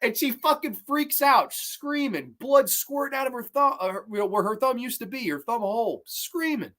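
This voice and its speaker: A man giving a casual review of old horror films, excitable and swearing freely. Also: extremely high pitch, moderate pace.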